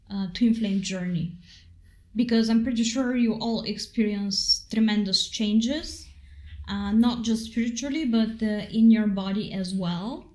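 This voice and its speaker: A woman's voice: mid-range voice, a little mellow. A woman co-hosting a casual spiritual talk, speaking unhurriedly with many fillers. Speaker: co-host.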